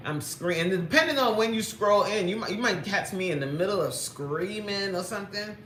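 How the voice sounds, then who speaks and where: Playful fitness coach in an echoey room. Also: female voice, mid-range voice, brisk, slight background noise. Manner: playful, animated, laughs often, greets viewers by name. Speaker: fitness coach and livestream host. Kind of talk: casual livestream chat reading comments.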